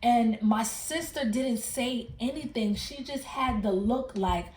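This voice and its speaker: A woman with a somewhat high voice tells a personal story in an easy, conversational way, circling back to repeat and rephrase her points with emphasis. Her voice bounces around an echoey room. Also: slow pace, a little mellow. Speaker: tarot reader and channel host. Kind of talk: casual storytelling about a dream.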